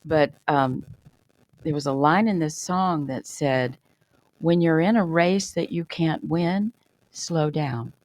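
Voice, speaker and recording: A woman's voice: sits low, takes it slowly, darkish tone, poor audio. A woman from the congregation sharing a light, chatty anecdote.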